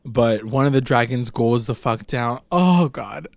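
A man's voice: mid-range voice, lively intonation, a little slow, dry recording. Dry-sounding man, casual and emotional. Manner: emotional, swears often, heavy use of "like". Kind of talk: casual chat recapping a TV episode.

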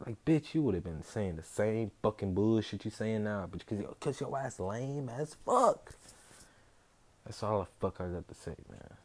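A man ranting heatedly about music to camera, swearing constantly, swinging between low mutters and loud outbursts. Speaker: vlogger. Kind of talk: profane music rant to camera.

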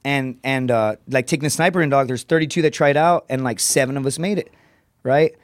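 A man, a comedian and former Marine, telling a rough story on a podcast in blunt, profane language. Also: medium pitch, no echo, studio quality. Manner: profane, rapid, animated storytelling.

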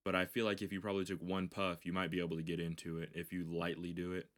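A man's voice: low-pitched, level tone, quick pace, fairly bright tone. A man co-hosting a podcast in casual, crude chat, rambling with many restarts and often laughing. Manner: rambling, laughs often, acts out quoted voices. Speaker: podcast co-host.

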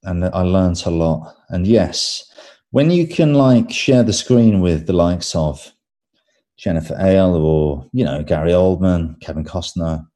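A man with an English accent, an actor being interviewed, talking in a relaxed way with fillers and repeated words. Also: low voice, a little slow. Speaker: actor guest. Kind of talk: casual interview chat.

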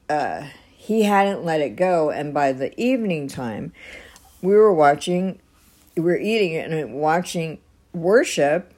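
A woman's voice: deep voice, darkish tone. A woman telling a personal story in a casual, rambling way, with many restarts and fillers.

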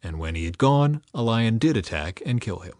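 A man reading scripture aloud in a measured, scripted way, lifting his voice a little for quoted speech. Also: expressive, no room sound, studio quality. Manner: measured, quotes read a little higher and louder. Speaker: Bible reader.

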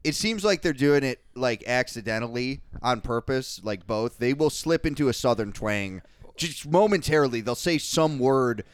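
A young man on a casual podcast, ranting profanely in quick bursts. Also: medium pitch, lively intonation, clean tone, no echo. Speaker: podcast co-host.

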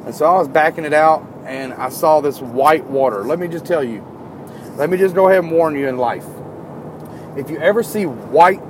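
Guy telling work stories, high voice, gets loud and excited, faint street hum behind. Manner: animated, climbs higher and louder when worked up. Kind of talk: casual storytelling.

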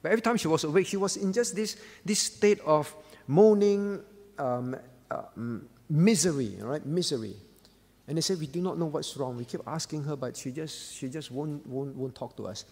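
Man, pastor, earnest sermon, gravelly voice, long hall reverb. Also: on the high side, normal speed, darkish tone. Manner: earnest, repeats words for emphasis.

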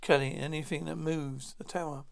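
Male reader with a gravelly, somewhat high voice who plainly reads out a drama script, speaker names included. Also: flat delivery, normal speed. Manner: announces each speaker's name before the line. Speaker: narrator reading all parts. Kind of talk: plain read-through of a script.

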